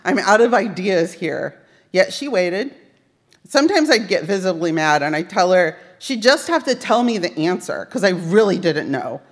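A woman's voice: fairly low pitch, lively intonation, moderate pace. A woman giving a sermon built around a personal story, wry and self-mocking as she tells it. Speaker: speaker at a Unitarian Universalist service. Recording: long reverb of a large hall.

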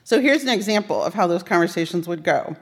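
A woman's voice: fairly low pitch, lively intonation, quick pace, slightly rough. Woman preaching with wry humor, hall reverb. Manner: personal storytelling with wry, self-deprecating humor. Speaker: worship service speaker. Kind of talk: sermon. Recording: long reverb of a large hall.

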